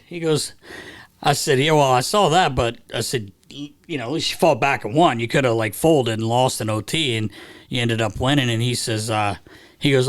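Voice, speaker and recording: A man's voice: medium pitch, moderate pace. A man hosting a podcast, telling hockey locker-room stories in casual chat, swearing and laughing at his own punchlines. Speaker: podcast host.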